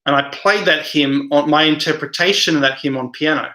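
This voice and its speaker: A man's voice: on the high side, brisk, pushed and bright. A man hosting a casual live stream, reading viewer comments aloud and rambling with many hesitations.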